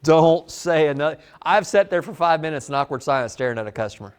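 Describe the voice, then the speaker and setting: An animated man leads a sales training session, talking casually and acting out bits of customer role-play. His voice sits a little on the high side for a man. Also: fast, smooth. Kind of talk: live sales training talk.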